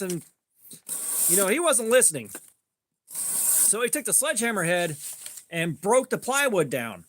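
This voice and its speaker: A man streaming live, telling a rambling, profane story in a casual way and getting animated when he quotes people. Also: sits high, moderate pace, pauses often, a little hiss or hum. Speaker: livestream host.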